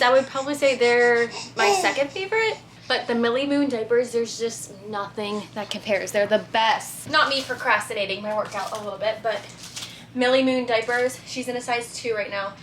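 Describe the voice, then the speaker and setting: A woman's voice: fairly high pitch, a bit bright. A young woman chatting casually to viewers in a home vlog, upbeat and confiding. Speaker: vlogger. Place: home, indoors. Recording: echoey home room with faint noise.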